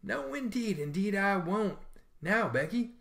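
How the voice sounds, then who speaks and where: A man's voice: sits high, animated, measured pace, creaky, a bit bright, voice pushed up, full character voice. A man voicing an eager, boastful young schoolboy in a storybook reading, wheedling and keen.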